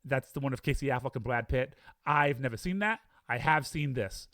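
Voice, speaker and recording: A man's voice: mid-range voice, moderate pace, fairly bright tone, dry recording, clean studio sound. A man talking casually and with enthusiasm as he ranks films, weighing each one aloud against the others. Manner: chatty, enthusiastic, debates rankings aloud with himself. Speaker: film reviewer. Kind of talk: casual film-ranking monologue.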